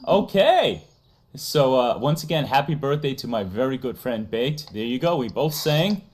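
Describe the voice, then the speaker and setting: Low-voiced New England streamer, lively. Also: female voice, normal speed. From Massachusetts. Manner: chatty, playful, interrupts to read donations. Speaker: streamer host. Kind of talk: casual live-stream chat.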